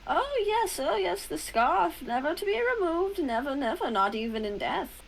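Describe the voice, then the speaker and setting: A woman putting on a high, theatrical swamp woman. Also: sing-song, gravelly, slight background noise, heavily acted. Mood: solemn. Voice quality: high, drawn-out, theatrical delivery.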